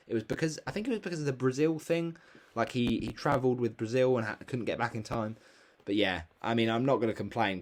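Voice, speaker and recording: A young man reviewing his fantasy football season, exclaiming and grumbling about players in casual solo commentary. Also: fairly low pitch. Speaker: fantasy football channel host.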